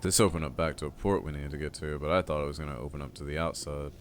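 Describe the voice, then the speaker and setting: A man casually commenting while he plays a video game and chats with his viewers, a bit stuffy-nosed, with sudden loud excited outbursts. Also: very deep voice, rapid-fire, a little hiss or hum. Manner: chatty, talks to chat, loud excited outbursts. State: stuffy nose. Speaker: game streamer. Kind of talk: casual let's-play commentary.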